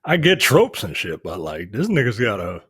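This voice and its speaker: Man, very husky voice, incredulous slangy jokes, swooping pitch, dry sound. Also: huge pitch swings, normal speed, fairly bright tone, dry recording. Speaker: podcast co-host. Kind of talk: casual film review chat.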